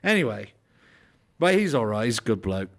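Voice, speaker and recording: A man voicing a quick-tempered, foul-mouthed gangster. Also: mid-range voice, very animated. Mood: gossiping. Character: hot-tempered crude British gangster.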